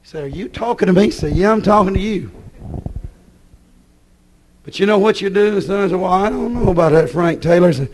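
A man preaching a sermon, folksy and scolding, swinging between shouts and low, hushed asides. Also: moderate pace, long pauses, slight background noise.

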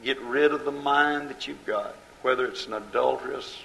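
A preacher with a rough, gravelly voice delivers a fiery sermon in a hammering, repetitive cadence. His voice sits at an ordinary pitch for a man. He swings from loud, driving lines to low, hushed asides. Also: normal speed, a little hiss or hum, low-quality recording.

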